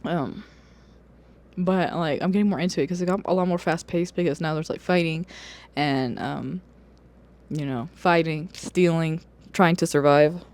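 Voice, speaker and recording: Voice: medium pitch, moderate pace, a little mellow. Loose, swearing book vlogger chat. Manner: loose, profane, full of fillers and laughs. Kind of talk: casual book review chat. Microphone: camera or phone on a wobbly stand.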